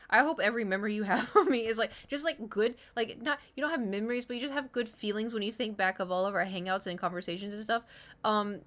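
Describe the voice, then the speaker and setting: Woman, 30s, from Oklahoma, streamer, casual chat, giggly, self-mocking, lots of fillers, medium pitch. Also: bright, forceful tone. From Oklahoma, USA. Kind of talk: casual chat reading old diary entries aloud.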